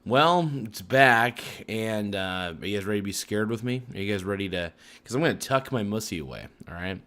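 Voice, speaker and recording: A man's voice: on the low side, fast. A man chatting casually and jokingly on a livestream while eating, breaking into sing-song chants of silly rhymes. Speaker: streamer.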